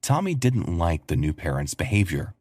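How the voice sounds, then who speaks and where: A husky-voiced man narrates a scripted story in a low register. His delivery moves lively up and down, and the sound is dry and close. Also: normal speed, dry recording.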